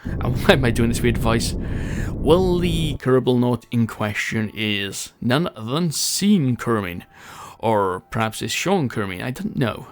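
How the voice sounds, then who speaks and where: A man's voice: mid-range voice, animated, measured pace, soft background music. Chatty guy rambling over his game footage, laughs at himself, keeps forgetting stuff. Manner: rambling, chatty and self-mocking, often loses his thread. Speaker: gameplay commentator. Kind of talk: casual gameplay commentary.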